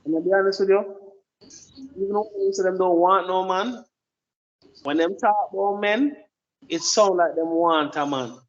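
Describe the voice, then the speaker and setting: A man's voice: sits high, moderate pace, long pauses, dull audio. A man with a Jamaican accent delivering an emphatic, preachy opinion monologue, often repeating his words. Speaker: commentator.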